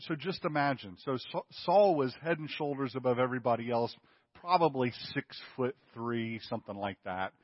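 A man's voice: mid-range voice, dry recording, long reverb tail, highs cut off. A man preaching a sermon in an emphatic, conversational way, often checking in with his listeners. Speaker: pastor.

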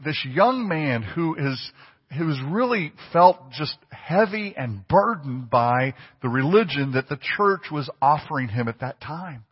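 A man's voice: fairly high pitch, animated, measured pace, breathy edge. A man preaching a sermon as pastor, talking conversationally and asking the congregation questions. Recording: long reverb, dull lo-fi sound.

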